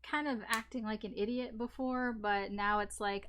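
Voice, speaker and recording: A woman's voice: fairly high pitch, steady tone, normal speed, a bit bright. A woman giving a casual tarot reading, talking in a chatty, rambling way with many fillers and restarts and the odd swear word. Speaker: tarot reader.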